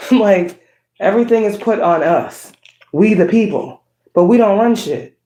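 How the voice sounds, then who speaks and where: Profane, laughing woman in an echoey room. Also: expressive. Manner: blunt and profane, laughing between points; swings from low drawn-out tones to sharp high outbursts. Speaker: spiritual livestream host. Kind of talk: casual ranting monologue.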